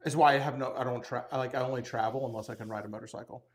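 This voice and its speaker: A man's voice: medium pitch, fairly even intonation, rapid-fire. A man co-hosting a casual livestream, cursing freely and ranting with comic exaggeration. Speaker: livestream co-host.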